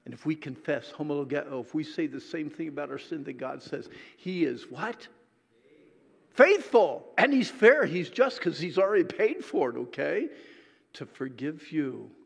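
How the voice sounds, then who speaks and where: Guy preaching a sermon, gravelly voice, slightly high, big echoey hall, loud then real quiet. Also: animated, moderate pace. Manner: swings from loud exhortation to hushed intimate asides.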